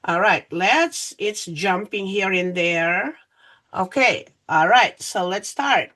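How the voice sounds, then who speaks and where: A woman's voice: medium pitch, slow, bright, forceful tone. A woman teacher giving a phonics lesson to young children, patient and repetitive, often saying "all right".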